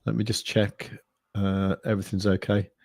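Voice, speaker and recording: A man's voice: lowish voice, little pitch movement, moderate pace, vocal fry, a little mellow, dry recording, clean studio sound. An English man from the Midlands with a mixed southern accent, rambling casually through viewer comments as a livestream host, with lots of fillers. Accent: English, mixed Midlands and southern English with some years in France. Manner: rambling, many fillers and restarts.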